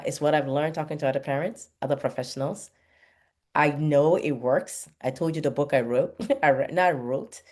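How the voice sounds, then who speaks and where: A woman hosting a motivational talk, speaking passionately with lively, preachy emphasis. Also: deep voice. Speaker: host.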